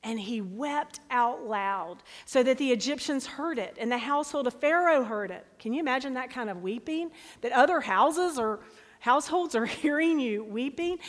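A woman preaching a sermon, reading scripture aloud with dramatic, expressive delivery. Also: high-pitched. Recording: long hall reverb.

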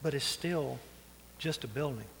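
A man's voice: medium pitch, unhurried, creaky, a bit bright, slight background noise. A man preaching a sermon as pastor, folksy and conversational, with asides and chuckles. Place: church sanctuary. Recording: long reverb of a church hall.

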